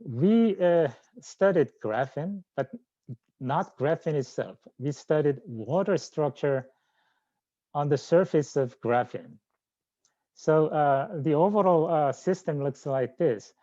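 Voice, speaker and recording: A middle-aged man with a Korean accent giving a scientific research lecture, halting often with fillers and restarts. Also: a little high, animated, mellow, dry recording. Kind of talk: academic lecture. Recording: dull lo-fi sound.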